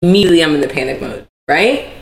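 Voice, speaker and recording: Her voice is low and creaky, and she moves at a quick, lively clip. As co-host of a podcast, she animatedly tells a story packed with "like" fillers in casual conversation, captured in an echoey room with hiss behind it.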